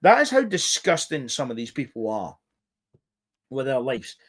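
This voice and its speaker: A man's voice: mid-range voice, big pitch swings, moderate pace. A man talking as a guest in casual podcast chat, swearing often and rambling emphatically.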